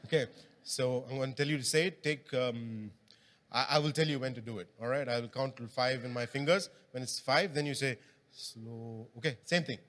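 Long hall reverb surrounds a man preaching in a church hall, his mid-range voice brisk and a bit bright. He talks casually, keeping the congregation involved with questions.

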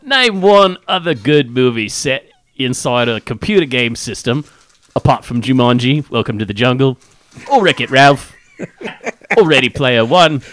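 A man's voice: medium pitch, animated, moderate pace, a bit bright, no room sound, lightly acted. A hammy letter-reader in a put-on Australian accent, as a man puts it on, with a voice that swings widely up and down. The sound is dry and close. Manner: hammy, breaking into laughs.

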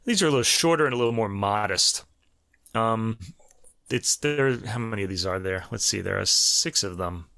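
A man's voice: fairly low pitch, normal speed, gravelly, sharp tone, dry recording. Chatty New York man reviewing piano music. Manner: conversational, chatty, many fillers and restarts. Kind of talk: casual spoken album review.

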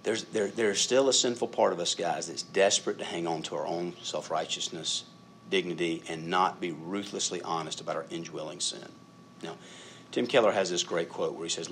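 A middle-aged man delivers a sermon as a pastor, speaking in a relaxed, conversational way. His voice sits in a middle pitch, and he pokes fun at himself and lifts into loud, emphatic bursts. A faint low rumble runs underneath. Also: a little fast. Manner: conversational preaching, self-deprecating, laughs at himself; rises to loud emphatic peaks.

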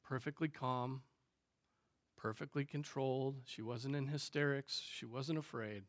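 A male pastor preaching a sermon, emphatic, piling up phrases and swinging in loudness. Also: medium pitch, fairly even intonation, measured pace. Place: church sanctuary.

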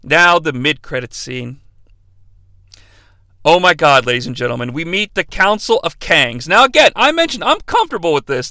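Profane, animated male movie review host. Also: sits high, creaky, no room sound. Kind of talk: unscripted rant-style review.

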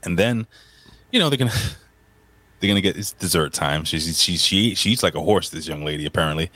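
A man with a very low, deep voice co-hosting a casual review show. He banters loosely and swears freely, and the recording is dry and close with no room sound. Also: a little fast, no echo. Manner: profane, animated banter. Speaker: podcast co-host. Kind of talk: casual wrestling review chat.

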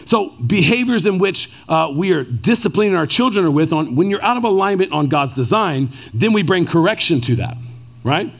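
Animated high-voiced male preacher. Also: moderate pace, gravelly. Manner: animated, conversational preaching with many "right?" asides. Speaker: pastor. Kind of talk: sermon.

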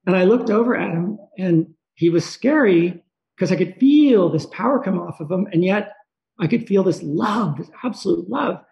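A man with a gravelly, somewhat high voice tells a personal story. He speaks haltingly and with emotion, pausing and restarting as he goes. The recording sounds dull and lo-fi. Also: expressive, a little mellow. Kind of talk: personal storytelling, reflective monologue.

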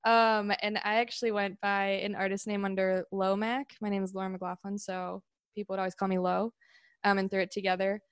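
Woman, musician guest, podcast interview, relaxed, hesitant fillers, middle pitch, dry close sound. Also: a little fast, clear, resonant tone, no echo.

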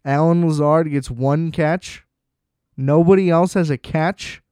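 A man's voice: on the high side, a little slow, mellow, clear, resonant tone, no echo. A man giving a blunt, profane, sarcastic solo rant about football games in a casual talk. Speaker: sports commentator.

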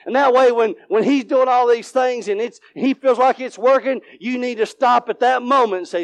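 A man preaching a sermon, swinging between fervent shouts and near whispers. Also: extremely high pitch, moderate pace, few pauses, no room sound.

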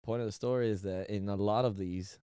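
A man's voice: fairly low pitch, fairly even intonation, brisk, warm tone, slight background noise. A man in a casual podcast chat, teasing and skeptical as he tells his own stories.

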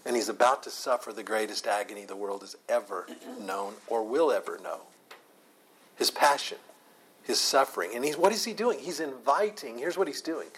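Animated, breathy man teaching scripture. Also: mid-range voice, normal speed, poor audio. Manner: animated, repeats words and restarts, laughs often. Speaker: Bible study teacher. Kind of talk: informal Bible study teaching.

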